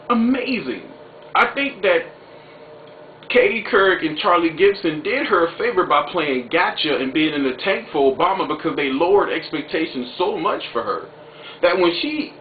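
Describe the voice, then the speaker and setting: Slangy excited guy ranting on his vlog, kinda high voice, tinny echoey room sound. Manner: excitable, slangy, emphatic exclamations. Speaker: video blogger. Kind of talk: opinionated political vlog commentary. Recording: tinny echoey home recording with faint noise.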